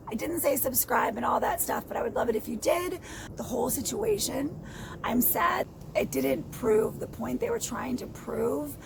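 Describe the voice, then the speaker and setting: A woman vlogger in an angry personal rant, her voice hoarse and froggy and out of breath, blunt and swearing, dropping to whispers and rising to shouts. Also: high-pitched, background noise. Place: outdoors in sunlight.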